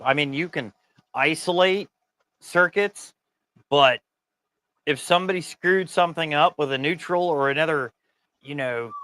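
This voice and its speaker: Middle-aged man with a high voice, casual, animated storyteller. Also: dry recording. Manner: animated storytelling, swearing, laughing. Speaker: streamer telling a work story. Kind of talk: casual chat.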